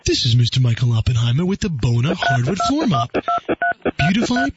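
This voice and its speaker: A man voicing a robotic, relentless male phone salesman who recites a scripted sales pitch and ignores every reply. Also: very animated, a little fast, lo-fi sound, very noisy, close to an everyday voice. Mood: droning salesman. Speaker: prank caller.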